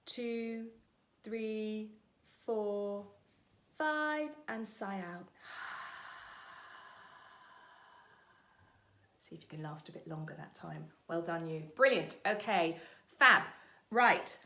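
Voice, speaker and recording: A woman vocal coach leading an online singing lesson, giving breathing and warm-up instructions in a chatty, encouraging way. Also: fairly low pitch, moderate pace, creaky, slight background noise. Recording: echoey room with faint music.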